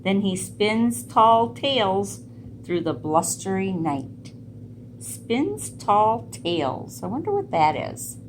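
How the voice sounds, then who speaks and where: Slow, gentle woman reading a picture book. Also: mid-range voice, expressive, a little hiss or hum. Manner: gentle, asks listeners questions. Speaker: storyteller.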